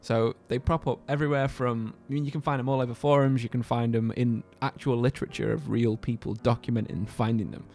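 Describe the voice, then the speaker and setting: A man's voice: medium pitch, fairly even intonation, a little fast, gravelly, hardly any pauses, a little mellow, soft background music. A man co-hosting a casual podcast, telling a story in a jokey, rambling way. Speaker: podcast co-host.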